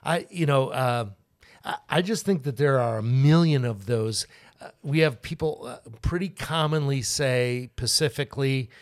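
Male co-host, casual and thoughtful, halting speech with wry humor. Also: mid-range voice. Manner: thoughtful, halting, lots of fillers and wry asides. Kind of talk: casual podcast chat.

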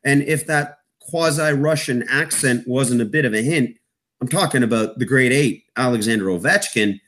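A man from Eastern Canada, co-hosting a hockey podcast as the analyst, jokey and excitable. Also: moderate pace. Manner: excitable, jokey, jumps in pitch when amazed. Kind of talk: sports podcast chat.

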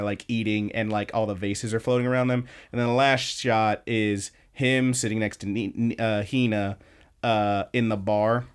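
A man co-hosting a podcast, recapping episodes in casual, enthusiastic chat full of "like"s and restarts. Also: lowish voice. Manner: enthusiastic, rambling with many "like"s and restarts. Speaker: podcast co-host.

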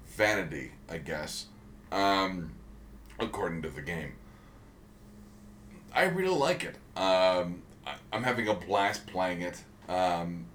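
A man's voice: low-pitched, fairly bright tone, slight background noise. A man co-hosting a casual podcast chat, rambling with many ums and restarts. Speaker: podcast co-host.

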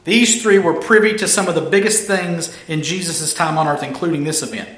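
High bright-voiced preacher guy, super lively, echoey room. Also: brisk. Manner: animated storyteller, acts out characters. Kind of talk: casual, humorous sermon. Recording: roomy echo.

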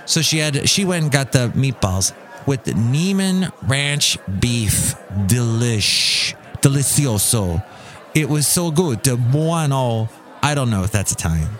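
A man hosts a podcast in a loose, rambling monologue, joking as he goes. His voice sits at an ordinary middle pitch and often turns sing-song. Faint music plays behind him. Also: sing-song, unhurried, a bit bright. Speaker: podcast host. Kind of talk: casual monologue.

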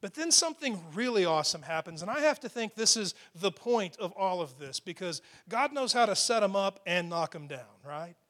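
Male pastor, high-pitched voice, emphatic sermon delivery with hushed quoted lines. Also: animated, moderate pace, hardly any pauses. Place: church with a loud PA system.

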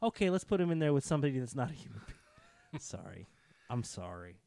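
A man's voice: mid-range voice, very animated, brisk, vocal fry, dark tone, dry recording. A man co-hosting a casual wrestling chat, riffing sarcastically and doing mock voices. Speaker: podcast co-host.

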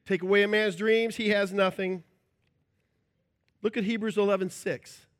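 High-voiced, animated preaching man. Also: moderate pace. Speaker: pastor. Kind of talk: sermon.

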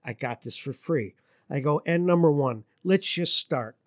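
A man's voice: measured pace, no echo, studio quality. A man from Detroit, a musician guest, telling stories in a casual interview, jumping his voice up for quoted lines. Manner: animated storyteller, swings his voice up high for quoted lines.

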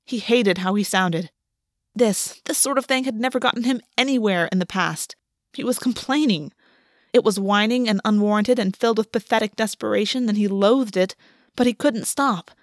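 A woman narrating a work of fiction in an audiobook reading, measured and slowing on the emotional beats. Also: medium pitch, no echo, clean studio sound.

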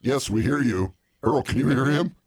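A man's voice: mid-range voice, normal speed, darkish tone, breathy edge. A man co-hosting a comedy podcast, laughing often and trying to keep the talk on track. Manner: laughing, placating. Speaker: co-host. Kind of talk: casual comedy podcast banter.

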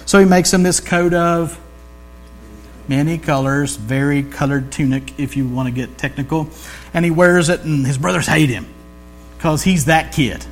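Guy preaching like he's chatting, slangy and jokey, bit of a high voice, soft music under it. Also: moderate pace. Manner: conversational, slangy, jokey asides. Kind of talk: casual sermon storytelling.

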